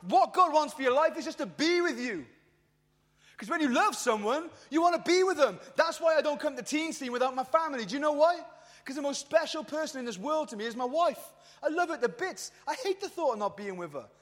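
A man, preaching a lively youth sermon to a crowd in a passionate, colloquial way. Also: extremely high pitch, brisk. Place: large hall at a youth event. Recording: long hall reverb.

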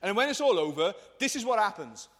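A young man giving a youth talk, retelling a Bible story in slangy, energetic casual speech and acting out the quoted voices. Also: high voice, fairly quick. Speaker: youth speaker. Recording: reverberant hall.

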